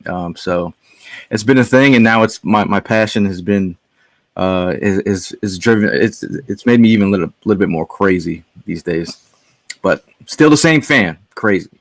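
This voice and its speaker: Man, low voice, dry close sound, halting storyteller, casual podcast chat. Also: dry recording. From Connecticut. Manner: rambling, halting storyteller with many restarts. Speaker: podcast guest.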